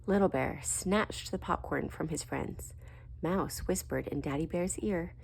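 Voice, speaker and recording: A woman reads a children's storybook aloud in a gentle voice. She has a low, husky tone with a gravelly edge. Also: measured pace. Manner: gentle, lifts pitch for quoted lines. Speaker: storybook reader.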